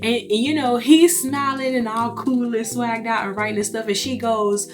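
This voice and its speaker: A woman's voice: on the high side, fairly even intonation, moderate pace, soft background music. A young adult woman vlogger chatting to her viewers, laughing often and acting out what others said. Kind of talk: casual storytelling to viewers.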